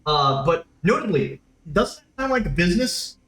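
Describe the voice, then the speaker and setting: A man's voice: high voice, sing-song, moderate pace, reverberant, crowd noise. A man casually chatting and explaining lore during a game playthrough, in rambling, self-interrupting sentences. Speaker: game streamer. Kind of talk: casual let's-play chat.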